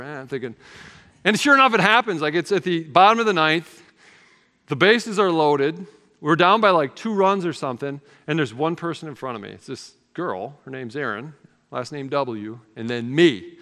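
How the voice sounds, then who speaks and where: A male pastor with a sharp, somewhat high voice preaches a sermon, earnestly recounting a childhood story in a conversational way with casual fillers. A long hall reverb hangs on the sound.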